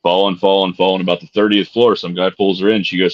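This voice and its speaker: Middle-aged man, very deep voice, laid-back profane banter, dull lo-fi sound. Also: flat delivery, fast. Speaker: podcast co-host. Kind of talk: casual chat.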